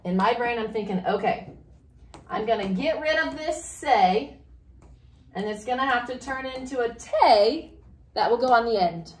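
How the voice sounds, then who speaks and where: A woman's voice: fairly high pitch, lively intonation, moderate pace. A woman teaching a Spanish grammar lesson to a class, explaining step by step and asking questions. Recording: echoey classroom, faint noise.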